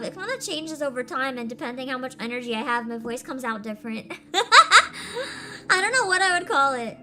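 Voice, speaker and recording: A young woman streaming a game, chatting casually with giggles and quick asides. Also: high-pitched, animated, sharp tone, soft background music. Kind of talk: casual let's-play commentary.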